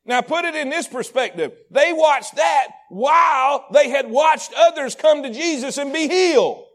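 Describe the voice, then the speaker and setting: A man preaching a sermon. He repeats phrases in a rhythmic build and swings between hushed, intimate lines and shouted peaks. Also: very high-pitched, animated, measured pace. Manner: repetitive, rhythmic delivery. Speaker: pastor.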